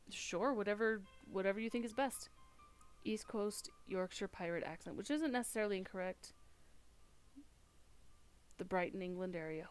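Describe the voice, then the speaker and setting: A woman's voice: medium pitch, moderate pace, long pauses, smooth, faint music behind. A young woman streamer giving casual, chatty and self-deprecating commentary while playing a game.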